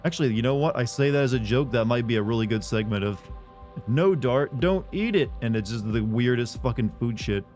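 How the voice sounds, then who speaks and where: A man's voice: mid-range voice, fairly even intonation, fast, few pauses, a little mellow, soft background music. A man live streaming, chatting casually with his viewers in a sarcastic, joking, rambling way.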